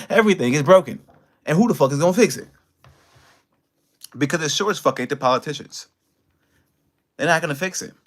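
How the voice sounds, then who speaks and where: A man from the United States hosting a livestream, ranting in a heated, profane way, with his pitch and loudness swinging widely. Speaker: livestream host. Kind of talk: angry livestream rant.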